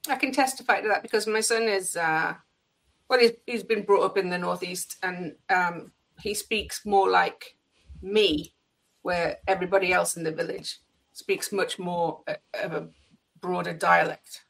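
Woman, gravelly voice, lively casual chatter. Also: fairly low pitch, measured pace, rough recording. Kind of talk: casual chat.

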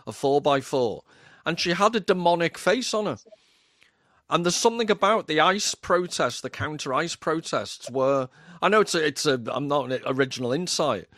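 A man's voice: a little high, fairly bright tone, dry recording. Sardonic man, dry sound. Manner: sardonic, deliberate. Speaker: panel guest. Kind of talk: panel discussion.

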